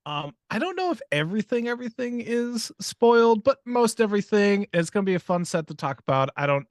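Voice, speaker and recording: A man co-hosting a casual gaming podcast, with a dry, offhand, halting delivery. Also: sits high, sing-song, dry recording. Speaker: podcast co-host. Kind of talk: casual chat.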